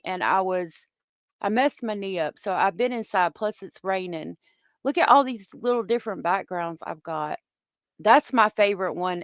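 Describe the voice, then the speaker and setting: A woman's voice: medium pitch, clean tone, no echo. A woman hosting a livestream, chatting casually and thanking viewers by name. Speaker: host of a true-crime livestream.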